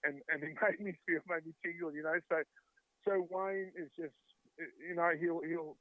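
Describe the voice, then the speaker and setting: Australian man, fifties, storyteller who mimics voices and laughs a lot, fairly high voice, thin tinny phone sound. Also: fairly even intonation, normal speed, no echo. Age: 50s. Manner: chatty anecdotes, acts out quoted voices, laughs often. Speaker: guest, former rugby league player. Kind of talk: storytelling interview talk. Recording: dry, tinny phone-like line.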